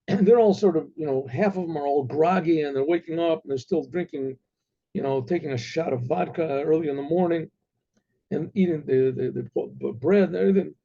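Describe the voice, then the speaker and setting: A male rabbi telling a story, halting and repeating himself with many asides. His voice is gravelly and husky, fairly high for a man. The recording sounds dull and lo-fi. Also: dark tone. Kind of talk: oral storytelling.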